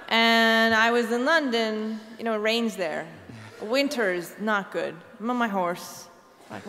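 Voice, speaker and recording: A woman's voice: a little high, pushed and bright. A woman improvising a comic tall tale on a conference stage, rambling with lots of asides. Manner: rambling, giggly, many asides. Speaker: storytelling game player. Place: conference stage before live audience. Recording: reverberant hall, audience noise.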